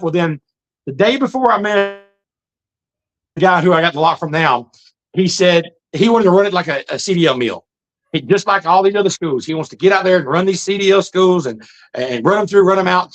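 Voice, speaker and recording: A man's voice: sits high, fairly quick, a bit bright, poor audio. A middle-aged man, telling his own life story in a plain-spoken, earnest, folksy way. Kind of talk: casual storytelling monologue.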